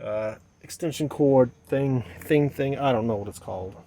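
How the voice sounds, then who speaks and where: This man's voice is warm and medium-pitched, at a moderate pace, with slight background noise. As a vlogger in a mother persona, he talks to the camera outdoors at dusk while setting up solar gear. His rambling self-talk monologue repeats phrases and shifts from mutters to agitated outbursts.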